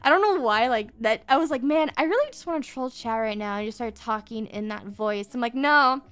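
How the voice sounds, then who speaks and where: A young woman streaming casually while she draws, chatting in a rambling, excitable way and breaking into giggles. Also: fairly high pitch, brisk, smooth. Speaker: VTuber streamer. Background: faint background music.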